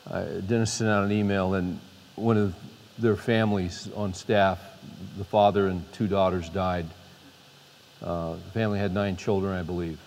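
Standing at a podium in a large hall, a man with a lowish, darkish voice preaches off the cuff, restarting often and climbing to emphatic peaks. The informal sermon is recorded with long hall reverb and a little hiss or hum.

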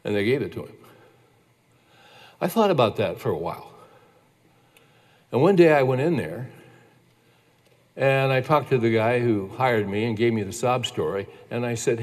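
A man's voice: medium pitch, lively intonation, moderate pace, pauses often, darkish tone. Man, pastor, sermon, conversational and emphatic, long hall reverb. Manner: conversational, emphatic, repeats key phrases. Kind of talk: sermon teaching with personal story.

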